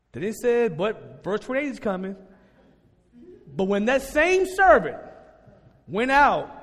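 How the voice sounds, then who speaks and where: A man preaching a sermon in a lively, conversational way to his congregation. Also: very high voice. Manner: animated, conversational, laughs and shouts at peaks. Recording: long hall reverb.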